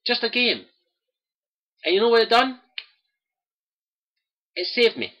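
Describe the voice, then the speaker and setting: A man's voice: very high voice, sing-song, slow pace, long pauses, highs cut off, background noise. A young Scottish man, host of a gaming livestream, speaking to viewers in an earnest, impassioned personal monologue and repeating his key phrases.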